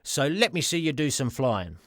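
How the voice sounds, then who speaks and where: Brief: gruff, pushy swindler, voiced by a man, dry close sound. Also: mid-range voice, big pitch swings, moderate pace, dry recording, close to an everyday voice. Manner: gruff, impatient. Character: gruff scheming male con man salesman.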